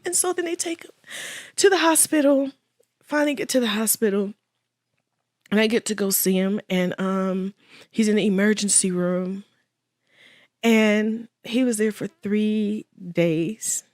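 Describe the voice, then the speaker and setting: A woman's voice: medium pitch, a little slow, long pauses, darkish tone, dry recording, clean studio sound. A woman guest in an interview telling a personal story with earnest faith and quoted dialogue. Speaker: guest, widow.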